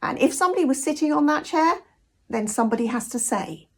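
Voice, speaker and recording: A woman's voice: sits high, animated, fast. A British woman talking in a direct, conversational monologue, telling anecdotes from her own life. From Britain. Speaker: vlogger. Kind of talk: casual reflective monologue.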